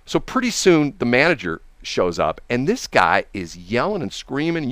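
A man's voice: mid-range voice, normal speed, no room sound. A man telling a long casual story, acting out the people he quotes. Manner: animated, acts out quoted people.

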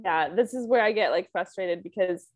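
A woman chatting casually as a podcast host, animated and laughing often, acting out what she said to people. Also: fairly low pitch, moderate pace. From Canada. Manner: animated, laughs often, acts out quoted lines. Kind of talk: casual chat.

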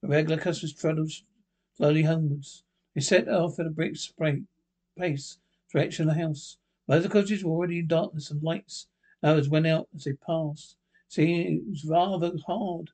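A man reading a ghost story aloud in a plain, steady manner, with occasional slips. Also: a little high, a little fast. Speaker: narrator.

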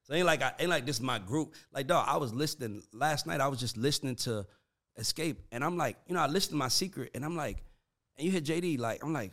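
A man in casual conversation, animated and profane, breaking into laughs as he talks. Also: mid-range voice, fast talker.

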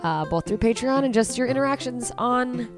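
A woman's voice: fairly high pitch, animated, normal speed, over music. A woman hosting a podcast, blunt and sarcastic, swearing freely as she chats and wraps up the episode. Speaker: podcast host. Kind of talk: casual podcast chat and outro.

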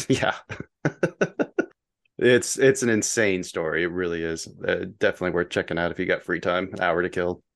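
Podcast host, man, lowish voice, easygoing, laughs a lot. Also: normal speed, pauses often. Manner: easygoing, laughs often, steers the talk. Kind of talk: casual podcast chat.

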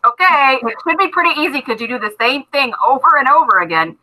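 A woman's voice: sits high, animated, quick pace, sharp tone, poor audio. A woman narrating a tabletop game as game master, chatty, with many fillers and restarts.

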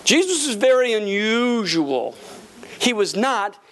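A pastor preaching a lively, folksy sermon in a church service, with humorous asides and call-and-response with the congregation. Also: male voice, high voice, takes it slowly, crowd noise.

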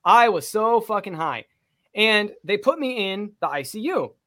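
A young man casually telling a long story on a talk show, profane and animated. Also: high voice, a little slow.

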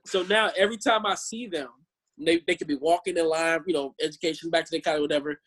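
A man tells stories in casual conversation with a raised, husky voice. He is animated and often repeats words as he goes. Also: a little high, quick pace. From born in Chicago, raised in Omaha. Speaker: Christian musician and street preacher. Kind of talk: casual podcast chat.

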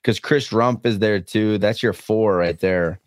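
A man's voice: lowish voice, a little slow, no room sound. A man co-hosting a podcast, chatting casually and weighing up players. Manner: chatty, analytical about football. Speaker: podcast co-host. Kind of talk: casual chat.

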